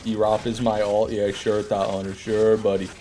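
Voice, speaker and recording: Speaking at a moderate pace, a man with a dark voice on the low side keeps his tone level, with slight background noise. He's live-streaming a game and chatting casually, reading viewer messages with joking, sarcastic banter as commentary.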